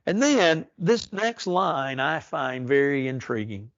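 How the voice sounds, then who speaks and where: A man teaching a church Bible study, earnest and slow on the verses he stresses. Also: medium pitch, animated, no room sound, lo-fi sound. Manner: earnest, reads verses slowly and emphatically.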